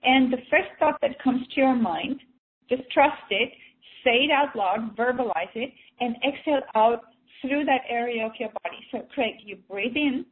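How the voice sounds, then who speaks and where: A woman with a fairly high voice gently coaxes a listener through a guided breathing session, circling back and repeating her phrases as she goes. The sound is thin and tinny, like a phone line. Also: moderate pace. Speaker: energy healer leading a breathing session.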